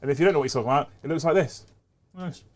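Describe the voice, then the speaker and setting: A man's voice: a little high, rapid-fire, darkish tone. A man hosting a live stream, reading out chat messages and thanking viewers in an upbeat way.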